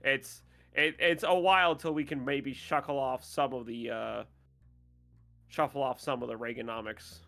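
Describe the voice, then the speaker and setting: A man with a bright, forward voice riffing sarcastically in a relaxed podcast chat, quick to mock-outraged rants. Soft music sits faintly under him. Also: mid-range voice, gravelly.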